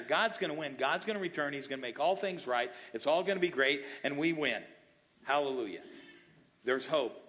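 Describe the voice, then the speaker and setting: A man's voice: medium pitch, fairly bright tone, long reverb tail. A man preaching a sermon as a pastor, talking conversationally and often checking in with "okay?" and light asides. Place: church sanctuary.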